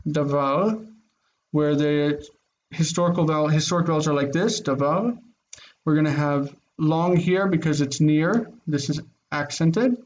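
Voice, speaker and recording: A man's voice: a little high, moderate pace, darkish tone. Casual man teaching, muffled audio. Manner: casual, explains step by step with fillers. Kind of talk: online grammar lesson. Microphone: computer mic on video call.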